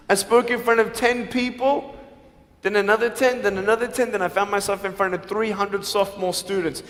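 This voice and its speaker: A man giving an emphatic motivational speech to a school audience, swinging between hushed and loud. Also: high-pitched, fairly even intonation, brisk. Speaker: motivational speaker. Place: large school hall. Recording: echoey hall reverb.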